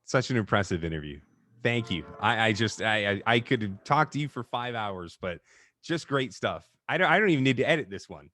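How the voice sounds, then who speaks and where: A man's voice: lowish voice, brisk, no room sound. A man hosting an interview, asking questions and telling stories with enthusiasm. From Canada. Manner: enthusiastic, animated storyteller. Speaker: podcast host. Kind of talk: interview host.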